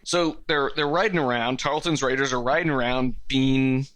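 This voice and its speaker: A man co-hosting a casual podcast, asking questions and reacting with halting jokes. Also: medium pitch, steady tone, fairly bright tone, dry recording. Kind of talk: casual chat.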